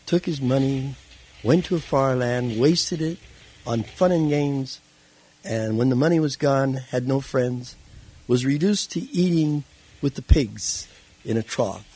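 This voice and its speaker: A man being interviewed who tells his life story in a casual, animated way and acts out the voices in it. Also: medium pitch, measured pace, husky, low-quality recording. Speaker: interview guest.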